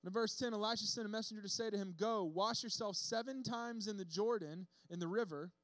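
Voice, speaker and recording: A man preaching a sermon in a casual, lively storytelling way, acting out the characters' lines. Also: high voice, fairly quick, no room sound. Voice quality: bearded speaker. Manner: casual, animated storytelling with acted-out quotes.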